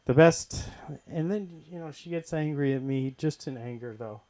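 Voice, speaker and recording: Halting, slightly high-voiced stand-up man. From Boston. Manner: hesitant, halting delivery with deadpan punchlines. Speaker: stand-up comedian. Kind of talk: open mic stand-up. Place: comedy club stage.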